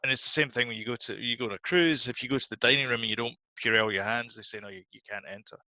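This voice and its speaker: A man's voice: mid-range voice, very fast, sharp tone, dry recording. A man co-hosting a podcast, chatting casually and laughing easily. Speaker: podcast co-host. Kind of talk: casual chat.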